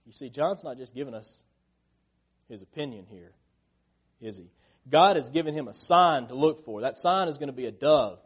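A middle-aged man preaching a sermon, asking the listeners questions and getting louder and higher when he stresses a point. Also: animated, moderate pace, breathy edge.

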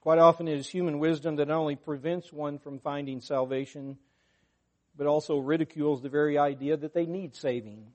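A man's voice: fairly high pitch, steady tone, a little fast, darkish tone. A man preaching a sermon to his congregation, earnest and emphatic, rising in force when he quotes scripture. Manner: unscripted, talks to the congregation.

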